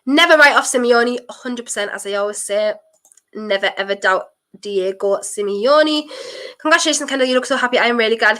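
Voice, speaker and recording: A young woman talks to her stream viewers during a football match. Her voice sits high and sounds bright and forceful. She sounds elated and breathless, gushing over the players and thanking her chat. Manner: elated, breathless reactions to goals. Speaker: streamer hosting a football watchalong. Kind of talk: live football watchalong chat.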